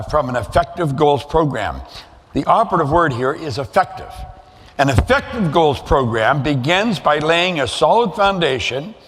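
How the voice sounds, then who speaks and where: A man's voice: on the high side, fairly bright tone. An older man giving a motivational seminar talk to an audience, conversational and storytelling, repeating his points for emphasis. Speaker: motivational speaker. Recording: long hall reverb.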